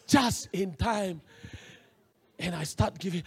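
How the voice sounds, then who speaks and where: A man with a Singaporean English accent, preaching a sermon as a pastor and telling a personal story in an animated way with local slang. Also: high-pitched, moderate pace.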